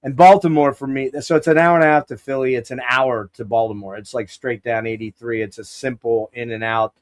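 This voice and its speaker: A man's voice: mid-range voice, fairly even intonation, brisk. A man from Pennsylvania hosting a podcast, telling a long rambling story full of restarts and quoted asides in a casual chat. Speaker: podcast host.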